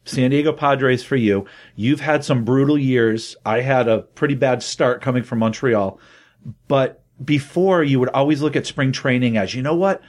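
Animated married man retelling a show. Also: mid-range voice, normal speed. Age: adult, married. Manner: animated storyteller, acts out quotes in a raised voice. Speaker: podcast co-host. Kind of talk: casual chat.

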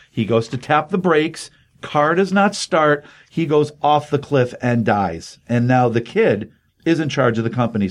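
Man in his fifties, host, casual recap, animated storytelling, fillers, mid-pitched voice. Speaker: podcast host. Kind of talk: casual comic-book recap.

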